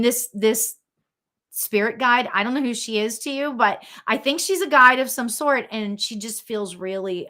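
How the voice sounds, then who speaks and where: A woman's voice: mid-range voice, sharp tone. A woman hosting a live spiritual reading show, chatting casually with viewers, giggly and full of ums and restarts.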